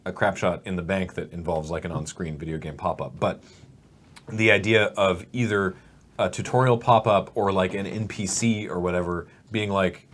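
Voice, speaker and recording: A man with a fairly low voice talks through comedy sketch ideas in a loose, rambling way. He keeps slipping into quick silly voices to act out lines. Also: steady tone, fairly bright tone. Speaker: comedy writer brainstorming sketches. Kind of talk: casual brainstorm chat.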